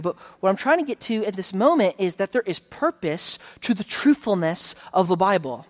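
A pastor giving an earnest, conversational sermon in a church, often restarting phrases and slowing down on key words. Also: male voice, high voice, expressive. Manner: earnest, conversational preaching with frequent restarts and slowed emphasis.

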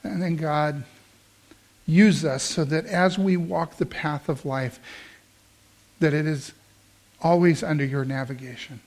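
A man preaching a sermon, telling a story and praying, dropping soft for calm quoted lines and rising when he prays. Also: a little high, unhurried, long pauses. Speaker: pastor. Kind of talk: sermon with closing prayer.

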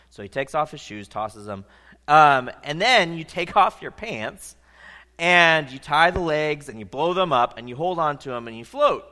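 A man preaching a sermon, telling a story in an animated, conversational way. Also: a little high, normal speed. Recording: long reverb of a large hall.

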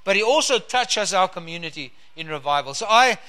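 Male preacher; high, bright voice; fervent scripture reading, stretches key words. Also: expressive, a little fast.

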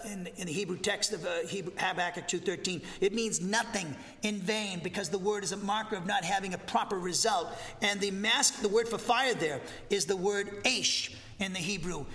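Emphatic high-voiced Southern preacher man. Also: in a large hall. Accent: Southern American. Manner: emphatic, rising to near shouts on key points, frequent restarts. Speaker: pastor teaching a Bible lesson. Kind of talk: expository sermon. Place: church sanctuary.

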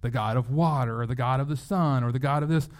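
Man, sermon, conversational preaching, repeated words, medium pitch. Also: fast talker. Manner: conversational, with frequent word repeats. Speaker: pastor.

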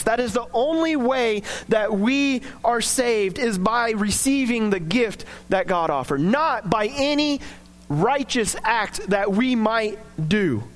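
A young man preaches with a strikingly high voice, earnest and conversational. He slips into acted quotes and back to plain talk, keeping it personal and direct. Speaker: pastor. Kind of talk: sermon.

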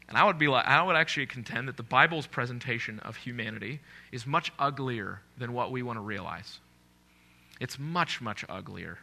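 A man's voice: mid-range voice, lively intonation, moderate pace, vocal fry, pushed and bright. A man preaching a sermon in a conversational way, asking his congregation questions.

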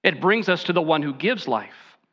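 A man's voice: on the high side, expressive, moderate pace, a bit bright. A pastor preaching an earnest sermon with folksy asides, a man speaking in a dull lo-fi recording.

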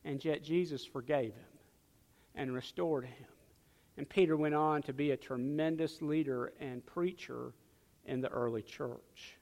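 A male pastor preaching a sermon, swinging from loud emphatic lines to hushed ones. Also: fairly high pitch, a little slow, long reverb tail.

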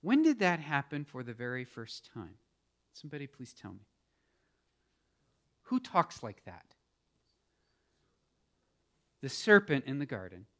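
A man preaching a sermon as a pastor, animated and emphatic, asking the congregation questions and calling for responses. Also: medium pitch, unhurried, pauses often. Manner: animated, rising to emphatic peaks.

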